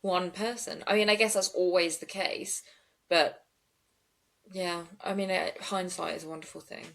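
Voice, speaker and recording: A woman co-hosting a podcast, adding quiet, agreeing comments to the story. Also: on the low side, steady tone, normal speed, creaky. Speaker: true crime podcast co-host. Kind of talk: casual chat, listening and reacting.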